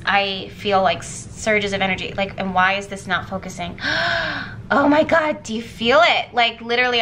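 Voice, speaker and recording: A woman's voice: a little high, sharp tone, slight background noise, poor audio. A young woman doing a tarot reading to camera, talking earnestly and repeating her points for emphasis. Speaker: tarot reader.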